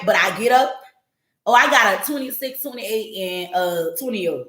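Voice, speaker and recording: Woman in her forties, blunt and profane, slightly high voice, echoey room. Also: brisk. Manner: blunt, profane and animated, jumping into quoted voices. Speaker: podcast host. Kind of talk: casual monologue to a live audience.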